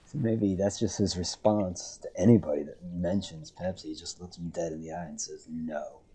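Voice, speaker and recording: A man's voice: deep voice, fairly even intonation, moderate pace, warm tone, breathy edge. A man streaming a game, telling a rambling story with dry humor and frequent self-corrections. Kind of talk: casual storytelling while streaming.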